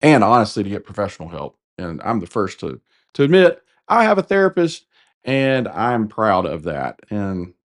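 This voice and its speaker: A man's voice: on the low side, wildly swooping pitch, normal speed. Candid Southern man co-hosting a podcast. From Carolinas, US. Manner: rambling, self-correcting, candid. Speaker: podcast co-host. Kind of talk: casual conversation.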